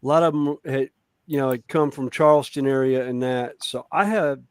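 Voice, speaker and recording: A man with a light Southern US accent, telling a story in a relaxed, easygoing way during casual chat. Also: medium pitch, normal speed, smooth, no echo. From born near Chicago, raised in the US South. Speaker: participant in a group chat.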